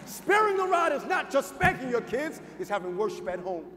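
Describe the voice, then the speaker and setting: A male pastor preaching a sermon in an emphatic, informal style, calling the crowd "y'all" and rising to shouted peaks. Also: very high voice, big pitch swings, fairly quick. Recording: reverberant hall, faint noise.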